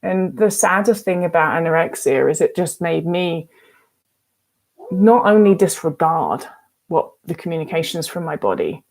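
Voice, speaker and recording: A woman's voice: lowish voice, expressive, normal speed, creaky, darkish tone. A woman, giving frank, emphatic advice as a recovery coach in a casual vlog and swearing freely. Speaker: eating disorder recovery coach.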